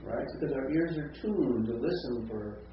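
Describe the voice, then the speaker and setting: A man's voice: medium pitch, expressive, moderate pace, recorded from a distance, a little hiss or hum. A man teaching a seminary class, talking conversationally and often checking in with "right?" and "see?". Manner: conversational, with frequent tag questions. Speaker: seminary professor. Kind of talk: classroom lecture with discussion. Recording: echoey lo-fi classroom recording from afar.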